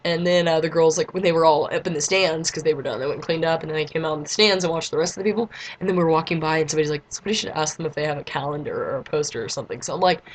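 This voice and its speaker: A woman's voice: deep voice, very fast, few pauses, a little hiss or hum. Giggly chatty teenage girl. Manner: chatty and giggly, lots of "like", squeals in quotes. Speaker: vlogger. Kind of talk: casual storytelling vlog.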